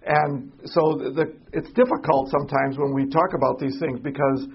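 Man as church class teacher: rough, husky tone, stop-start delivery, dull lo-fi class recording. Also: medium pitch, fairly even intonation. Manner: halting, repeats words, asks the class questions. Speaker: Sunday school teacher. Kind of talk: informal Bible class teaching.

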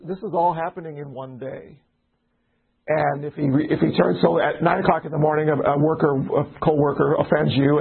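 Phone-quality audio carries a pastor's fairly high, gravelly voice with a breathy edge. He leads a laid-back Bible study, speaking conversationally, often starting over mid-sentence and acting out short exchanges.

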